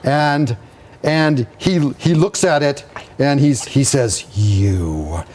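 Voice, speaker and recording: A male game master narrates a live tabletop game at a slow, unhurried pace. He halts and restarts phrases as he builds the scene. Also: on the high side, darkish tone, a little hiss or hum. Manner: slow, halting, with many restarts.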